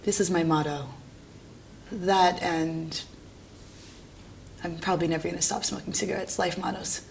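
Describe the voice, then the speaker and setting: Young new girl, art student, jokey and sweary, laughs a lot, bit of low rumble in the background. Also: fairly even intonation, moderate pace, gravelly. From New York. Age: young adult. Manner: irreverent, self-mocking, laughs often, swears casually. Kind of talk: candid documentary interview.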